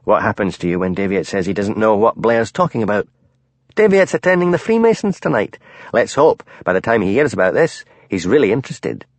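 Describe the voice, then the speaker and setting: A man voicing a quick, scheming detective in an audiobook, speaking brisk and raised. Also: lowish voice, very animated, dry recording.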